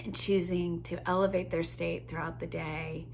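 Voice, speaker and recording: A woman's voice: lowish voice, little pitch movement, moderate pace, vocal fry, slight background noise. A woman coach casually telling a funny story, easygoing, with frequent fillers and laughter. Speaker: joy coach.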